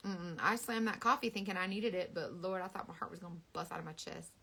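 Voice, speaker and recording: Bright, lively woman chatting casually. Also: fairly low pitch, fast, vocal fry, a little hiss or hum. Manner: animated, dramatic, Southern US sayings. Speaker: beauty seller on a live stream. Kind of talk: casual chat.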